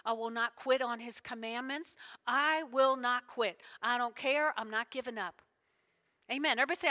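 A woman's voice: a little high, moderate pace, pushed and bright. A woman pastor preaching a sermon, emotional and full of call-and-response with her congregation.

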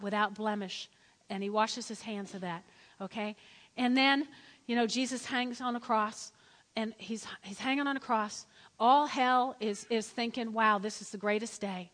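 High-voiced woman preaching in a reverberant hall. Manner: lively, dramatic storytelling with acted-out quotes. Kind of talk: sermon.

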